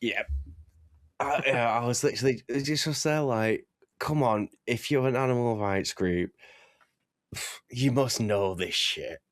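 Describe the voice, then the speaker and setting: A young man chatting casually on a podcast, animated, laughing often and swearing freely. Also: mid-range voice, unhurried, long pauses, no room sound, clean studio sound. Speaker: vtuber guest.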